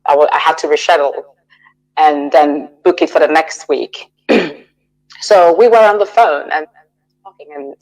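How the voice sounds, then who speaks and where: A middle-aged woman as a radio interview guest, giving a measured, hesitant personal account with frequent restarts and fillers. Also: sits low, a little mellow, low-quality recording.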